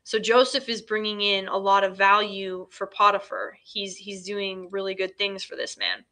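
A woman's voice: mid-range voice, normal speed, sharp tone. A woman hosting a casual film recap, chatty and full of fillers, retelling scenes in quoted dialogue. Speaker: host.

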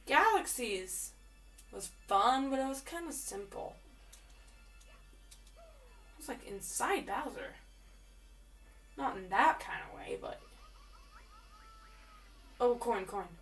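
Excitable, chatty woman gamer. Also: a little high, slow pace, pauses often, far from the mic, faint music behind. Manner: chatty, excitable, repeats words. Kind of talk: live game commentary.

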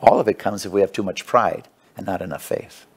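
A man preaching a sermon. He reads scripture aloud, then tells stories in a halting way, with many restarts. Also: creaky, slightly rough. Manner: swings between loud preaching and low quiet storytelling.

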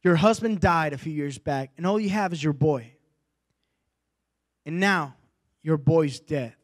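A male preacher delivering a sermon, rising from quiet storytelling to loud, impassioned exhortation. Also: fairly high pitch, measured pace.

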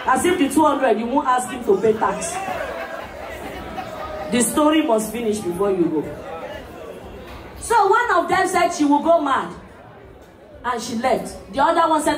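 A woman, the MC at a party, telling a story loudly and playfully with lots of laughter. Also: high-pitched, very animated, measured pace, pauses often, background noise. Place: large party hall. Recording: echoey hall from far off, crowd.

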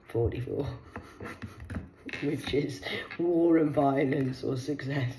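A woman's voice: a bass voice, takes it slowly, pauses often, dark tone, rough recording. A middle-aged woman, talking in a blunt, rambling, sweary casual monologue.

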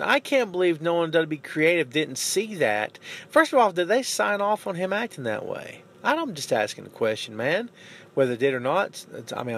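A man with a slightly higher voice holds forth in an opinionated, animated monologue. He speaks casually and keeps turning to the listener with "man" and "you know what I'm saying." His delivery is relaxed, conversational podcast talk. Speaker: podcast host. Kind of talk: casual wrestling commentary.

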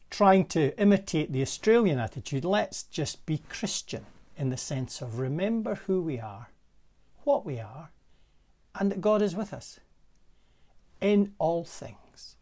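A man with a Scottish accent, a parish minister giving a gentle, conversational reflective sermon from a room in his manse. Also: on the high side. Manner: gentle, conversational, with pauses and soft laughs.

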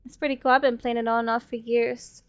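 A woman streamer chats casually and swears freely while gaming, her slightly high voice fast, flat in pitch, and a bit worn as she loses it. The tone is clean and dry, though the stream audio itself is dull and lo-fi.

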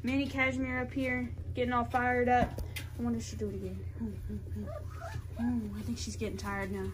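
A woman's voice: a little high, little pitch movement, brisk, noisy background. A woman talking to a puppy in a teasing baby-talk voice and laughing often, then chatting casually to her viewers. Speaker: dog breeder vlogger.

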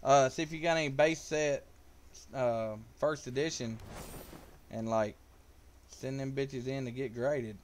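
A man's voice: medium pitch, steady tone, measured pace, long pauses, a little hiss or hum. A man giving casual live gameplay commentary, joking with viewers and calling out their names. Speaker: live streamer.

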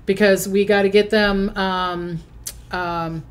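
A woman's voice: mid-range voice, fairly even intonation, slow, clean tone. A middle-aged woman hosting a casual livestream, chatting and thanking donors by name. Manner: chatty, reads out donor names. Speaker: host. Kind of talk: casual livestream fundraising chat.

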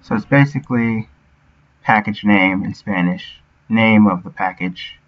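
A man streams his game development work, thinking aloud as he goes, muttering to himself and sounding out words. His voice sits fairly low and moves at a measured pace. The audio is dull and lo-fi.

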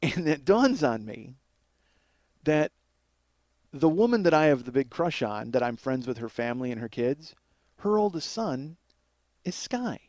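A comedian host telling a crude personal story in a rambling, profane way, often repeating and restarting himself. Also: male voice, mid-range voice, sing-song, a little slow, pauses often, darkish tone, no echo.

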